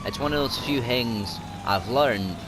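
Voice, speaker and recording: A man's voice: mid-range voice, a little slow, noisy background. A young Scottish man with a Scottish accent, giving sweary, rowdy commentary over his gameplay. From Scotland. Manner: sweary, rowdy, shouts at the game. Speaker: gaming YouTuber.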